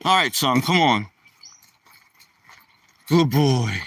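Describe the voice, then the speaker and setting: A man's voice: mid-range voice, lively intonation, extremely slow, gravelly, fairly bright tone, recorded from a distance. A man chatting casually while walking his dog outdoors, rambling and joking to the dog and the camera. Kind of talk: casual vlog chat.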